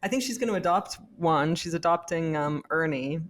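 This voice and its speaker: A woman co-hosting a podcast in relaxed casual chat, with a slightly low voice. She talks in chatty bursts, laughs easily and often leaves sentences hanging. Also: moderate pace. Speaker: podcast co-host.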